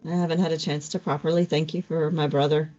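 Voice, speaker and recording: A woman voices a blunt but caring young woman braiding a friend's hair, speaking brusquely yet with a tender streak and an earnest mood. Her voice sits low with a level tone, mellow and close to everyday speech, and she talks fast. The recording is dull and lo-fi, with faint music behind her.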